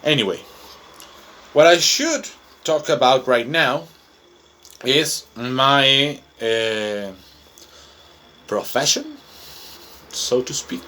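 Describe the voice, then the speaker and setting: A man's voice: mid-range voice, very slow, pauses often, pushed and bright. A Chilean man, a native Spanish speaker, who teaches English and talks through an unplanned monologue in a rambling, talkative way, full of fillers. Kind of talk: improvised self-recorded monologue.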